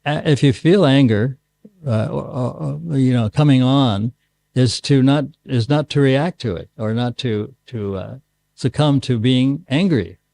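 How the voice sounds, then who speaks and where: A man leading a temple class, answering questions in a dark, gravelly voice. He pauses often and restarts his sentences as he searches for words. The sound is dry and close. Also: mid-range voice, no echo. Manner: halting, many restarts and pauses. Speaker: guru giving a scripture class. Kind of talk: unscripted question-and-answer talk.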